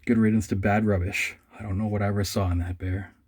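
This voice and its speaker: A man voicing a weary, put-upon comic character, speaking flatly and with exasperation. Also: on the low side, fast talker, slightly rough, voice pushed down. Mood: exasperated.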